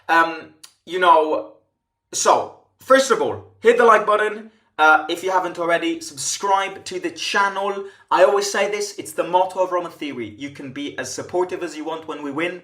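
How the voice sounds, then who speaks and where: A man's voice: a little high, bright, forceful tone. Passionate man ranting in an echoey room. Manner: emphatic, rhetorical questions, frequent restarts. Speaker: football fan channel host. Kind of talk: impassioned fan commentary rant.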